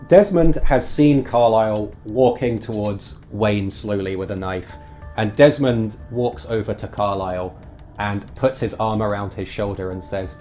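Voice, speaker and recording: A man narrating as game master of a tabletop game, relaxed and halting with fillers. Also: on the low side, soft background music.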